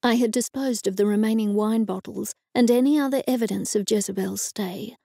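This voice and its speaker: A woman with an Australian accent giving a measured audiobook narration. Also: mid-range voice, gravelly, warm tone, dry recording, studio quality. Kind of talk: scripted narration.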